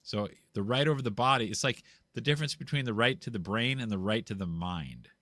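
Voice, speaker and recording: A man's voice: lowish voice, expressive, a little fast, sharp tone, no room sound. A man on a video call from home, explaining church law in a casual, rambling way, full of restarts and repeated words. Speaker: guest explaining canon law. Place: home room with a green screen.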